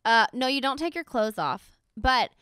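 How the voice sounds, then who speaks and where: A woman from Texas hosting a podcast, asking questions in a lively, giggly, teasing way. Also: a little high, normal speed, clear, resonant tone, dry recording, clean studio sound. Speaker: podcast host. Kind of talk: casual interview chat.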